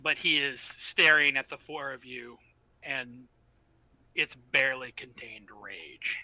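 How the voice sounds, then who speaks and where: A man narrating as storyteller in a tabletop role-playing game, describing scenes in a measured way. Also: mid-range voice, bright, forceful tone, no echo, low-quality recording.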